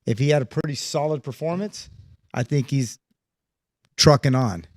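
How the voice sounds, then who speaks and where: A man's voice: mid-range voice, moderate pace, no echo, studio quality. A man on a boxing panel making his case in long hedged sentences, with many stuttered restarts. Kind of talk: panel debate.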